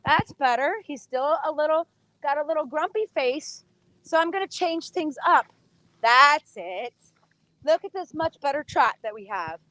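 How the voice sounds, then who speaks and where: A woman horse trainer talks viewers through her work in a relaxed, conversational teaching voice. Her pitch sits a touch high and the sound is close and dry, with no room echo. She keeps up an easy patter and coaxes the horse with steady encouragement. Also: measured pace. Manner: chatty, coaxing praise to the horse. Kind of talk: casual teaching while working a horse.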